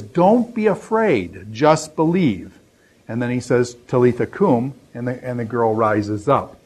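Husky-voiced man teaching scripture. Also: medium pitch, darkish tone, low-quality recording. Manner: conversational, many fillers and restarts, quotes scripture. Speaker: Bible teacher. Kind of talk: unscripted classroom lecture.

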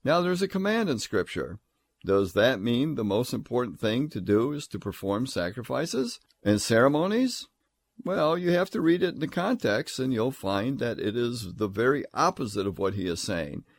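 A man's voice: medium pitch, sing-song, dry recording. Emphatic man lecturing on scripture. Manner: emphatic, reads scripture aloud in a measured solemn tone. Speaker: Bible teacher.

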